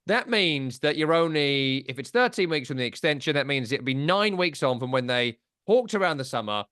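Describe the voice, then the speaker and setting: Wry, teasing man, higher voice. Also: animated, normal speed, a bit bright, smooth, no room sound, clean studio sound. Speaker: podcast co-host. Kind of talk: casual football chat.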